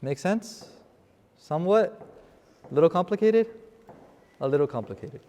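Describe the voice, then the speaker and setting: A man's voice: on the high side, lively intonation, normal speed, mellow. A man teaching a seminar on scripture vocabulary to a live class, explaining terms and often checking with "okay?". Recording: long reverb in a hall.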